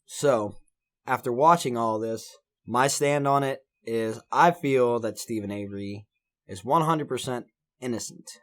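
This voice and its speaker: A man's voice: mid-range voice, a little slow, fairly bright tone. A man co-hosting a casual podcast, blunt and crude with a slight Southern twang. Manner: crude and blunt, swears freely. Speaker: podcast co-host.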